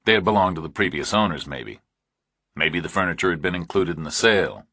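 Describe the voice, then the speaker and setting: Deep husky male audiobook narrator. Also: bright, forceful tone, no room sound, clean studio sound. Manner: measured, deliberate reading. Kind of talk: scripted narration.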